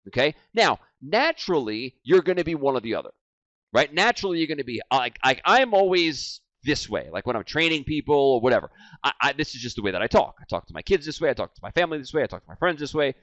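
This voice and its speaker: A man in his forties teaching sales, energetic and animated, swinging from loud and hyped to low and quiet. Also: fast, dry recording. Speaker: sales trainer. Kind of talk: energetic training talk. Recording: dry, slightly dull lo-fi sound.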